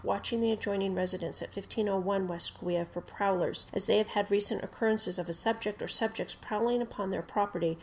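A woman reading an official police report aloud in a steady, formal narration. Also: medium pitch. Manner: steady, formal delivery that gets louder on quoted shouts.

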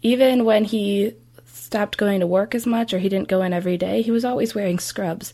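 A woman's voice: medium pitch, fairly even intonation, normal speed, dark tone. A young woman recalling memories of her grandfather in a casual, chatty way with many fillers. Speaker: interviewee, grandchild. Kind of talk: personal recollection.

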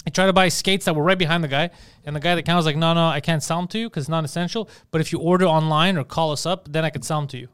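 A man co-hosting a podcast, telling stories in rapid, animated bursts and swearing freely. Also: fairly high pitch, clean tone. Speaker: podcast co-host. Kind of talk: casual podcast banter.

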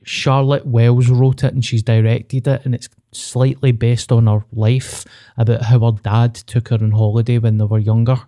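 A man's voice: medium pitch, level tone, moderate pace, few pauses, warm tone, dry recording, studio quality. A young Scottish man co-hosting a podcast, talking candidly and animatedly with plenty of swearing. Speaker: podcast co-host. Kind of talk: casual chat.

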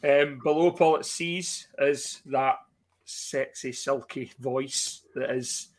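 A man's voice: medium pitch, slow. A Scottish man hosting a football fan podcast, swearing and joking as he introduces his guests over a video call. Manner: sweary, laughs a lot, jokey. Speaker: podcast host. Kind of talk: casual fan podcast chat.

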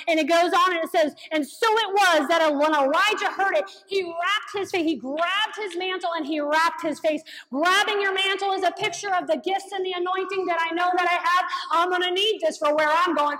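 High-voiced woman preaching in a reverberant hall. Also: a little fast, fairly bright tone. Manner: impassioned, repeats lines for emphasis, drops low for quotes. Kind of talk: sermon.

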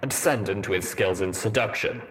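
A man voicing a skeptical male pony soldier in armor, speaking in a deep rumbling voice with a dry, measured deadpan.

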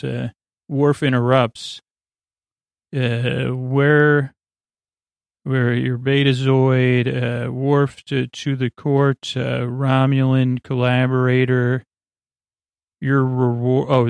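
A man with a gravelly voice and a flat, even delivery meanders through a TV episode recap, pausing often on filler sounds. The recording is dry and close, with no room sound at all. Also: mid-range voice, no echo. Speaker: podcast host. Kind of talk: rambling episode recap for sleep.

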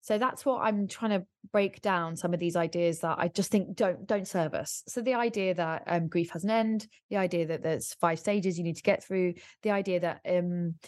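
A woman speaking in a podcast interview, lively and quick to laugh, acting out what other people say. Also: lowish voice, dry recording, studio quality. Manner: animated, laughing, acts out quoted people. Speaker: podcast guest and author.

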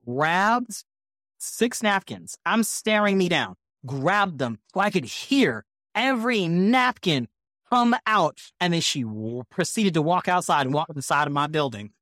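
A man who is a podcast guest, telling stories in a casual, animated way, acting out other people's lines and laughing as he goes. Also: sits high, measured pace, no room sound, clean studio sound. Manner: animated, acts out quotes in shifting voices. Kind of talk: casual storytelling.

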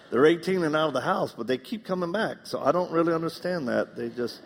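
Gravelly man preaching in a reverberant hall. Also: mid-range voice, a little hiss or hum. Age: middle-aged. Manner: animated, joking, acts out quoted voices. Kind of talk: live sermon with storytelling. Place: church auditorium. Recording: long reverb of a large hall.

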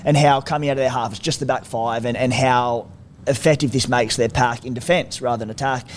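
Australian man, casual sports chat, rambling, faint rumble behind. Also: fairly even intonation, brisk. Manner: laid-back, rambling analysis. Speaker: podcast co-host.

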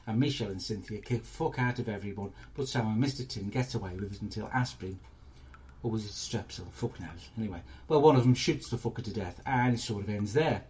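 A man's voice: lowish voice, darkish tone. A man hosting a comic film club, retelling film plots in a crude, rambling, sweary way. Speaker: comedy film club host. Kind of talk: comic film review monologue.

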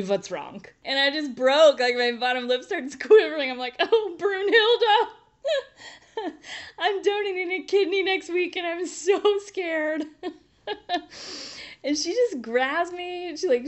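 A woman telling a personal story to an interviewer, expressive, laughing often and acting out the voices of people in it. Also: high-pitched.

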